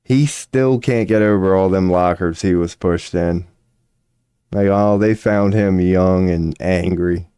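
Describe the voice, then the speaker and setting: A man's voice: sits low, fairly even intonation, slow pace, dark tone, clean tone, dry recording, clean studio sound. A man streaming a casual rant, profane and mocking, with a drawling delivery at his computer.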